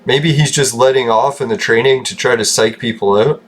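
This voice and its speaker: A man's voice: medium pitch, moderate pace. Rambling, joking man from Canada. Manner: rambling, joking, laughs often, swears. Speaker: gaming channel host. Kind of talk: casual gameplay commentary.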